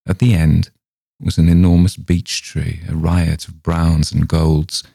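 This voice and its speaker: A man, the podcast host, reading a short story aloud in a measured storytelling voice. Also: extremely low pitch, level tone, gravelly, dark tone, no echo, clean studio sound.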